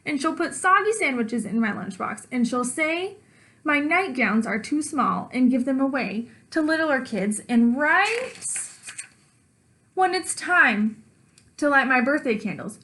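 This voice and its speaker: A woman voicing a dramatic, imaginative little girl in a children's storybook, high and excited.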